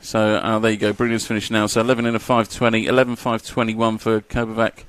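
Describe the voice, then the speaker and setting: A man's voice: on the low side, level tone, quick pace, smooth, no room sound. A man commentating a live model car race, chatty and jokey, reading out lap times.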